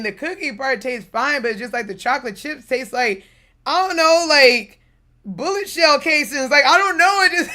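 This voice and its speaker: A woman streamer telling a story in a casual, laughing way, acting out quotes and tripping over her words. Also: medium pitch. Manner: laughing, animated retelling with acted-out quotes; trips over words and restarts.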